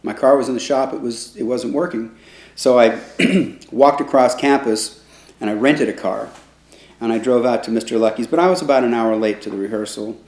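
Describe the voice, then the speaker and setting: In an echoey room, a trombone player in his sixties recounts how his band got started, speaking casually at a moderate pace in a mid-range voice. He rambles in a relaxed way with restarts and acts out other people's voices when quoting them.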